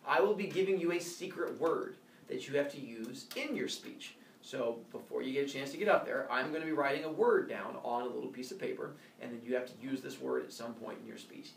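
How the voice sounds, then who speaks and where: A male teacher explaining classroom rules in a playful, joking way, now and then shouting mock corrections. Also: medium pitch, expressive, fairly quick, creaky, reverberant, distant mic, a little hiss or hum. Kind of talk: classroom instructions. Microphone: phone recording from across the room.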